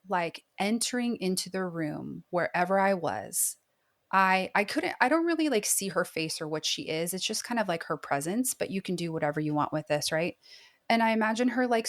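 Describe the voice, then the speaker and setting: A woman in her thirties, a therapist guest on a podcast interview, talking in an earnest, reflective way, full of "like.". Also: on the low side. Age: 30s. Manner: earnest, reflective, heavy use of "like".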